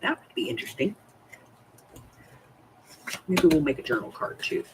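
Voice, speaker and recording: A woman's voice: low voice, sing-song, normal speed, noisy background. A woman in her fifties hosting a crafting live stream, chatting in a confiding way and greeting viewers by name. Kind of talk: casual chat while crafting. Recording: voice a bit far from the mic.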